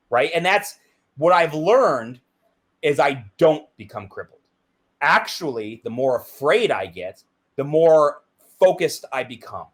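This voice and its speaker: A middle-aged man giving an interview, talking intensely and emphatically, often checking in with "right?". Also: mid-range voice. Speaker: interview guest, BASE jumper. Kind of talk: reflective interview talk.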